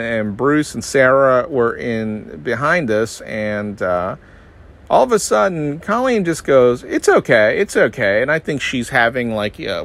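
A man from the Northeastern United States hosting a podcast, telling stories in a rambling, self-deprecating way and jumping into high mocking voices when he quotes others. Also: a bit bright. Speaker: podcast host. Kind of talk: casual comedic monologue.

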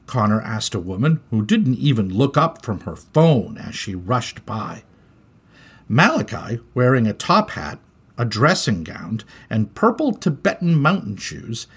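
A man reads a children's story aloud with big, animated swings in pitch. His voice has a husky, slightly breathy grain, and he leans into sound effects and action. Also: measured pace. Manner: expressive, animated.

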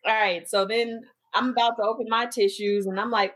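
A woman's voice: on the high side, steady tone, fairly quick, few pauses, fairly bright tone. A woman co-hosting a podcast, telling a story in casual chat and acting out quotes with a lot of energy. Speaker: podcast co-host.

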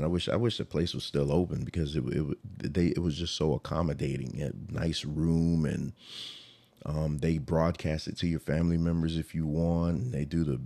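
A man's voice: very deep voice, creaky, darkish tone. A man telling an emotional personal story in a rambling, casual way, repeating himself and restarting sentences.

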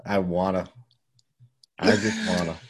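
A man co-hosting a casual comedy podcast, jokey and animated, teasing his friends. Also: sits low, measured pace. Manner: jokey, animated, slips into a mock politician voice. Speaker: podcast co-host.

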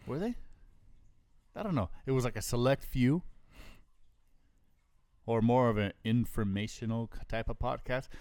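A man's voice: medium pitch, moderate pace, pauses often, darkish tone, dry recording. A man co-hosting a podcast in casual chat, laid-back and teasing, talking into a close mic. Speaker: podcast co-host.

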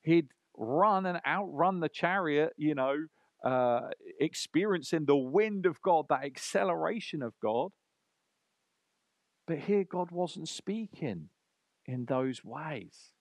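A man preaching a sermon and reading scripture aloud, swinging from loud emphasis down to a hushed, near-whispered delivery. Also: on the high side, lively intonation, slow pace, no room sound.

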